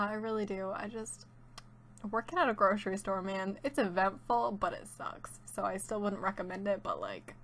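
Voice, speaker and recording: A woman's voice: mid-range voice, a bit bright, slight background noise. A young woman chatting casually and rambling about her week, with many fillers and laughs. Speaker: gaming YouTuber. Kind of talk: casual chat while playing.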